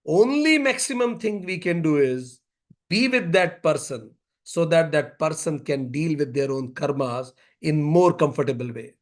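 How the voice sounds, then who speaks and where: A man giving a spiritual yoga talk at a symposium, telling stories and repeating key phrases deliberately. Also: fairly high pitch, lively intonation. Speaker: yoga speaker.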